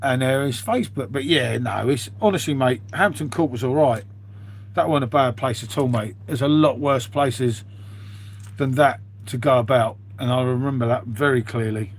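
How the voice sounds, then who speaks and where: A man's voice: mid-range voice, moderate pace. A man chatting casually with viewers on an early-morning live stream, swearing freely and calling everyone mate.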